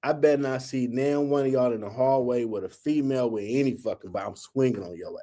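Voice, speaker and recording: A man's voice: medium pitch, a little fast, mellow. A man in his forties, the host, telling a story casually and profanely, acting out quotes in a raised voice.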